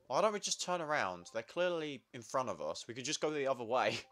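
A man's voice: medium pitch, big pitch swings, brisk, fairly bright tone. A young man giving crude, sarcastic, swear-heavy commentary while playing a party video game. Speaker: gamer. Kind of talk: let's play commentary.

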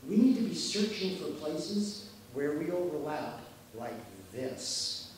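A man's voice: a little high, lively intonation, takes it slowly. A man from Canada gives an emphatic, storytelling keynote in a slightly raised voice. He is heard from some distance across a very echoey hall. A faint hum of noise sits under his speech. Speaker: keynote speaker. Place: conference hall.

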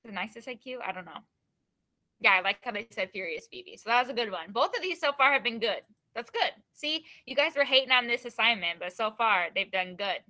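Woman teacher, encouraging and upbeat with her class, bright and clear. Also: fairly high pitch, animated, a little fast. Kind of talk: classroom lesson.

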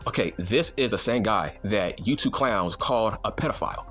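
A man's voice: on the low side, expressive, normal speed, fairly bright tone, faint music behind. A man delivering an angry, profane, mocking rant to camera as a wrestling YouTuber. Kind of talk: angry ranting monologue.

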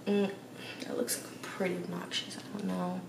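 A woman's voice: lowish voice, little pitch movement, moderate pace, creaky. A woman vlogging at home in a chatty, sassy, slangy way, talking straight to her viewers. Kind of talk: casual vlog chat. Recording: echoey room, distant from mic, noisy.

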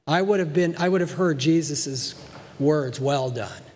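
A high-voiced older man preaches in a folksy, emphatic way, driving his points home by saying them again and again. His voice carries through a church sanctuary with a long tail of reverb behind it. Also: a little slow, darkish tone, breathy edge. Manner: folksy, emphatic, repeats phrases for stress. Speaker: pastor. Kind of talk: sermon.

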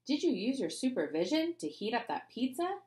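A woman voicing an excitable, hero-worshipping schoolboy in a storybook reading. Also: a little high, fairly quick, echoey room, voice pushed up. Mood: curious. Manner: eager, exclaiming.

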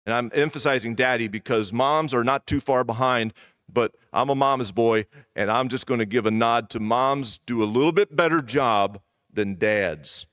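A middle-aged man preaches in a church with a mid-range voice, leaning hard on repeated phrases. He often sinks into a hushed, intimate tone to draw listeners in. The sound is dry and close, with no room echo. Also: mid-range voice, clear, resonant tone. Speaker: pastor. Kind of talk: sermon.

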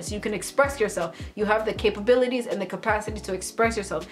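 Candid young woman giving casual faith talk. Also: fairly high pitch. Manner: candid, slangy and preachy, addressing viewers as y'all. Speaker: faith vlogger. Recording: faint background music.

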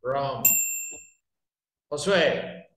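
A man's voice: mid-range voice, very slow, fairly bright tone, reverberant, slight background noise, poor audio. A man teaching an English class, calling on students by name and praising them.

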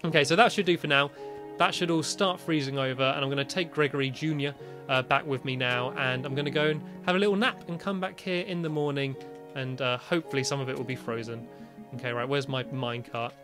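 A man's voice: mid-range voice, fairly even intonation, fairly quick, over music. A young British man chatting casually as he commentates his own gameplay, rambling and friendly. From Britain. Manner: chatty, rambling, shrieks when scared. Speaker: gaming YouTuber.

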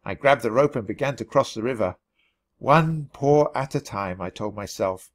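A man reading a children's storybook aloud for learners, in an expressive, animated way. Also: mid-range voice, moderate pace. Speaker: storybook reader.

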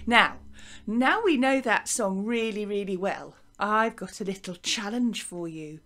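A high, bright-voiced woman leads a music lesson for small children. She talks slowly and with lively encouragement, her voice lilting like a teacher coaxing a class to join in. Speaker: primary school teacher.

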